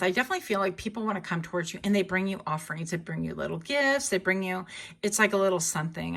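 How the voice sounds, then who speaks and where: A woman's voice: on the low side, vocal fry, a bit bright. A woman doing a casual, rambling tarot reading, talking in a chatty way and often correcting herself. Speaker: tarot reader.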